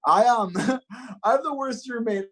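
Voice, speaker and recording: A young man from Los Angeles doing a stand-up comedy set, upbeat and self-mocking, with deadpan punchlines. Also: extremely high pitch, unhurried, low-quality recording. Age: young adult.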